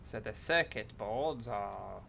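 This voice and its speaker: A man's voice: on the low side, animated, slow pace, gravelly, pushed and bright, slight background noise. Man thinking aloud while gaming. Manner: thinks aloud with many fillers, restarts and casual swearing. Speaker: livestreamer playing a factory-building game. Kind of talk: casual gameplay chat.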